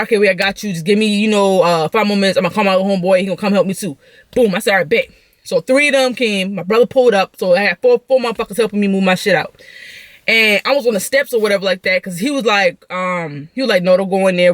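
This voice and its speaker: A man's voice: high-pitched, no room sound. A man vlogger telling a story in a casual, heated, profane rant. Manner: animated, profane, heated retelling.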